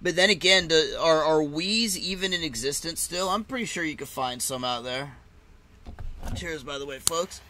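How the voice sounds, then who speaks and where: A man's voice: on the high side, normal speed, noisy background. A man casually chatting and laughing as he reacts live to a fight card, with loose, swearing banter.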